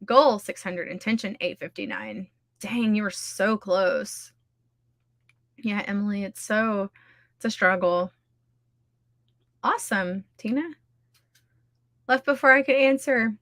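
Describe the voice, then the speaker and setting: A woman's voice: mid-range voice, slow pace, long pauses, fairly bright tone, no room sound, clean studio sound. A woman hosting a casual livestream, chatty and scattered, laughing often as she talks. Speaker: livestream host running writing sprints. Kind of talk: casual chat to a live audience.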